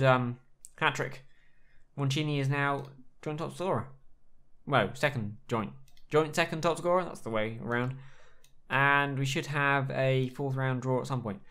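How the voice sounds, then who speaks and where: Excitable man commentating his game. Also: mid-range voice. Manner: excitable, chatty, reacts aloud to the match. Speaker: gaming YouTuber playing a football management game. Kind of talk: casual live commentary on gameplay.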